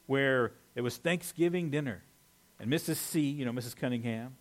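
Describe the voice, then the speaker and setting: A pastor preaching a conversational sermon, animated with playful asides. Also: male voice, medium pitch, normal speed.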